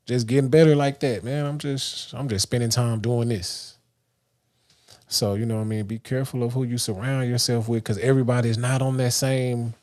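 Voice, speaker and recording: A man's voice: medium pitch, a little mellow. Man, livestream host, rambling motivational talk, mid-range voice. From Dallas, Texas. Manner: loose and rambling, many restarts and fillers. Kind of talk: casual motivational monologue.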